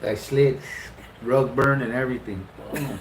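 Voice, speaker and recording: A middle-aged man casually telling a long, funny story, swearing freely and jumping up in pitch for retold lines. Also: unhurried, noisy background. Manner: animated, profane, laughing often, jumps into high-pitched retellings. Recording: roomy echo.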